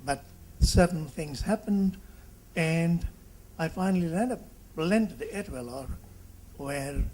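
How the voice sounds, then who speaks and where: A man in his seventies from Fiji, a doctor giving a halting reunion speech that turns into an animated patient story. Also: fairly high pitch, slight background noise, low-quality recording. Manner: halting, with restarts and animated quotes.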